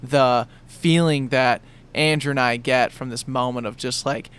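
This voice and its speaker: A man's voice: medium pitch, steady tone, measured pace, a bit bright, smooth. A young man hosting a podcast, chatting in an enthusiastic, loose and rambling way. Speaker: podcast host. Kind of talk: casual conversation.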